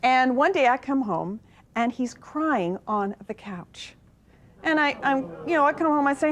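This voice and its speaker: Woman in her 40s doing stand-up, high voice, wry punchlines. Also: expressive, normal speed, fairly bright tone. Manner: punchy, wry joke delivery. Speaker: stand-up comedian. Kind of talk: stand-up comedy routine.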